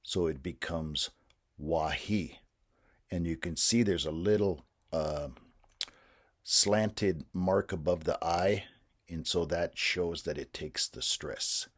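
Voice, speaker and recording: A man patiently explaining a language lesson to teachers in a measured, instructional way. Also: low voice.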